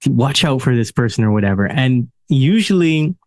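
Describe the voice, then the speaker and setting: A man's voice: medium pitch, animated, moderate pace, a little mellow, dry recording. A man hosts a casual podcast conversation, asking questions between easy laughs. He is blunt and swears without fuss. His voice sits close and dry, with no room sound around it. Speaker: podcast host. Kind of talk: casual interview chat.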